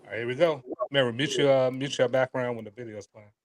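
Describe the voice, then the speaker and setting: Male host, mid-pitched, halting and casual, stumbles and restarts. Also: fairly even intonation. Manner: halting, restarts often, chuckles between points. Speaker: show host. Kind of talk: casual panel talk reading chat comments.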